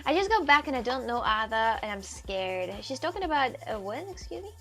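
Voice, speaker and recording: Brisk and a bit bright, a woman's slightly high voice swings widely in pitch as she chats on a casual live stream. Walking outdoors through a city with faint music behind her, she laughs often and reads viewer comments aloud.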